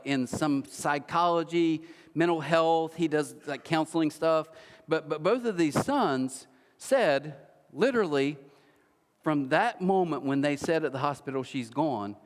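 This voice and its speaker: A man, an American pastor, preaches with animated storytelling, jumping into quoted voices and stumbling through restarts. His voice sits a bit high for a man, and it rings out with a long reverb, as if it is filling a church auditorium. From United States. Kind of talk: sermon.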